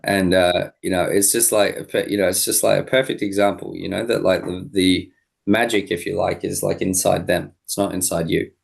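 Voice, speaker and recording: A man, a high-performance coach, guest on a podcast interview, explaining ideas reflectively with many fillers. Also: little pitch movement, normal speed, creaky, slightly rough.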